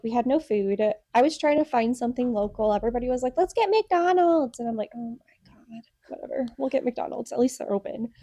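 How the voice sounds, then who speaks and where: A woman's voice: on the high side, dark tone, no room sound, clean studio sound. A woman in her twenties co-hosting a podcast at home, rambling casually with lots of "like" and laughter. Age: 20s. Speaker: podcast co-host. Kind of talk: casual chat. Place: home room. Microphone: podcast mic.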